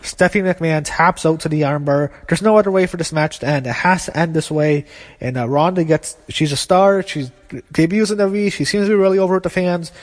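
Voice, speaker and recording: Guy with a kinda high voice giving wrestling picks, blunt and opinionated, swears a lot, some long reverb on it. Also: a little fast. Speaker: wrestling show host. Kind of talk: casual prediction commentary.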